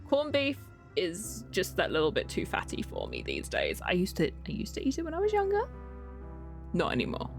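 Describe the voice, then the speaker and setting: A woman's voice: lowish voice, huge pitch swings, normal speed, creaky, faint music behind. A young English woman streaming a game, chatting casually, rambling and giggling between thoughts. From England. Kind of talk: casual live-stream chat.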